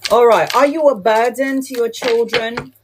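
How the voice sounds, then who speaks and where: A woman's voice: a little high, moderate pace, noisy background. A woman giving a live tarot reading who talks bluntly and chattily and swears casually. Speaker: tarot reader.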